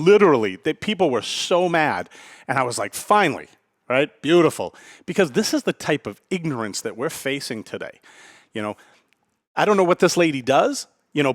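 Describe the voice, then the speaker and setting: Blunt, animated male podcast host. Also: a little high, no room sound, clean studio sound. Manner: blunt, emphatic, repeats himself, swears. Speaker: podcast host and restaurant owner. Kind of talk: casual monologue.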